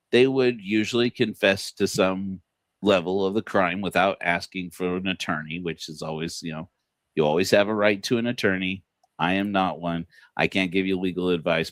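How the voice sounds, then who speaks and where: A man with a low-pitched voice talks loosely on a livestream, piling up fillers and false starts and breaking into chuckles. The recording is dry and close, with no room sound around him. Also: no room sound. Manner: rambling, many fillers and restarts, chuckles often; quotes people in put-on voices. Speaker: podcast host. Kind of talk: casual livestream monologue.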